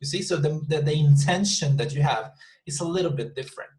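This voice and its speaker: A man teaching an online English class, patiently repeating words and slowly modelling sample sentences. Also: fairly high pitch, darkish tone, rough recording.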